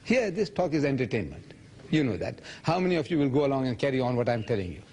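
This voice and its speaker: A man's voice: mid-range voice, fast. A man in his seventies answering audience questions at a public lecture, telling stories and acting out other people's lines. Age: 70s. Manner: animated storytelling, quoting others in raised voice.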